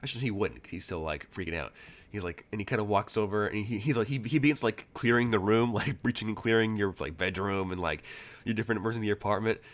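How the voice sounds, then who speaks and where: A man's voice: on the low side, fast talker. A man narrating as game master, rambling with many fillers and restarts.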